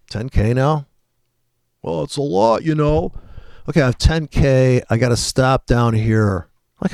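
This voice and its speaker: A man's voice: mid-range voice, gravelly, darkish tone, no echo, studio quality. A man talking casually and profanely as he comments live on trading charts, rambling and thinking aloud. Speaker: trading video host.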